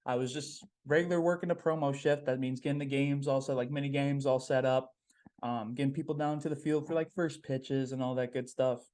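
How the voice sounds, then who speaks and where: A man's voice: mid-range voice, steady tone, a little fast, a little mellow. A young man hosting a podcast, talking in a casual, upbeat, rambling way with plenty of "um"s and repeated phrases. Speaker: podcast host. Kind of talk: casual solo podcast monologue.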